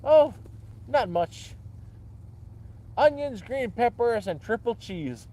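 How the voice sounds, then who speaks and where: A man's voice: very high-pitched, expressive, slow, mellow, voice pushed up, full character voice, low-quality recording. A man voicing an old, hard-drinking grandfather with a thick Irish accent. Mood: jovial.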